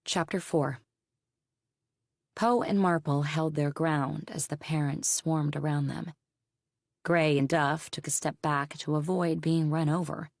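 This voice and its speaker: A woman reads a mystery audiobook in a low voice with a gravelly edge. Her telling is steady and even. The sound is close and dry. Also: a little slow, no echo. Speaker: audiobook narrator. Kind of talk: scripted audiobook narration.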